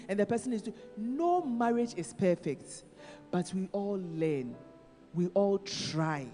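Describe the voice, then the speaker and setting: A woman's voice: lowish voice, mellow. A woman with a Ghanaian accent giving a sermon at a conference, teasing and calling on audience members by name. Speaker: conference speaker. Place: church hall. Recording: long hall reverb, faint music.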